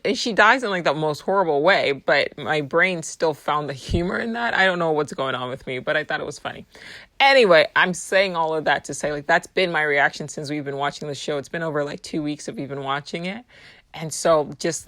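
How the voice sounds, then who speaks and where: A woman's voice: sits low, fairly bright tone, no echo, clean studio sound. A woman talking casually in a rambling personal monologue. She laughs easily and swears freely. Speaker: vlogger.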